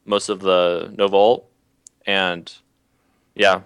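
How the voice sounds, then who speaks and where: A man being interviewed as a guest player, explaining tactics hesitantly with many pauses. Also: low voice, little pitch movement, smooth, no echo. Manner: hesitant, many fillers, soft-spoken. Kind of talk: interview answers on strategy. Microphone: video call.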